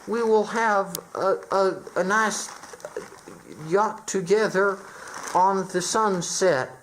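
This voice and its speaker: A woman's voice: mid-range voice, slow, slight background noise, natural voice, low-quality recording. A woman voicing a whiny male steel magnate who is stuffed with newspapers, pleading in stiff, formal sentences. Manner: whiny, pleading, stilted speech without contractions. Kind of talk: absurd comedy voice acting.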